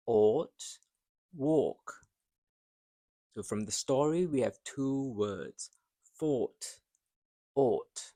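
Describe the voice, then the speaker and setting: Slow, careful male English teacher. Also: medium pitch, warm tone, no echo, studio quality. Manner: models words carefully, then pauses for repetition. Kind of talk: slow, deliberate pronunciation drill.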